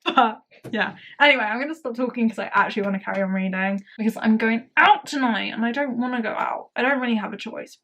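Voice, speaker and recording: A woman's voice: on the high side, fairly bright tone. A woman chatting casually to camera as a book vlogger, gushing and rambling with lots of "like".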